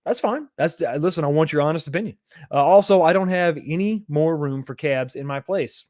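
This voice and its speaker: A man's voice: fairly high pitch, brisk, a little mellow, dry recording, clean studio sound. A man hosting a live stream, reading viewer comments aloud and replying in a chatty, reassuring way, calling people buddy. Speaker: livestream host reading chat. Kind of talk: casual live chat.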